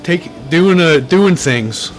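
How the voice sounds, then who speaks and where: A man's voice: on the high side, lively intonation, takes it slowly, soft background music. A man with a Delaware accent hosting a comedy podcast, rambling in casual comic chat, poking fun at himself and calling himself by name. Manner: rambling, self-mocking, calls himself by name.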